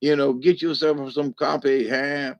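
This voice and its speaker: A man's voice: medium pitch, level tone, unhurried, natural voice. A man putting on the voice of a friendly Cajun cook, speaking in a coaxing, buddy-like way. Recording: dull lo-fi recording.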